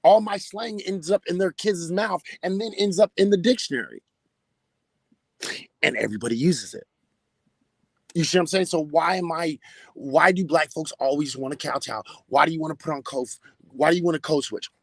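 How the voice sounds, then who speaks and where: Husky, high-voiced man ranting profanely. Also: moderate pace, dry recording. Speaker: podcast host. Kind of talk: casual podcast commentary.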